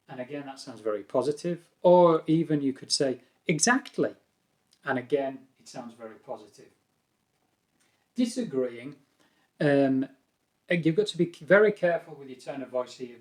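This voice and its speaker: A British man teaching an English lesson, calm and patient, explaining phrases and acting out examples. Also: medium pitch. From Britain.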